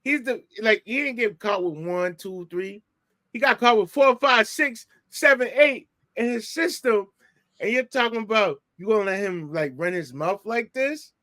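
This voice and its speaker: A man's voice: sits high, moderate pace, pushed and bright, dry recording, studio quality. A man co-hosting a casual boxing podcast, rambling in slang with frequent restarts. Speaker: podcast co-host.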